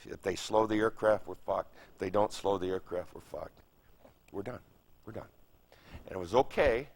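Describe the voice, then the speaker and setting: In an oral history interview, a veteran from Michigan in his seventies speaks at a moderate pace with a lowish, creaky, darkish voice. His recollections are vivid and emphatic, with repeated phrases and sound effects.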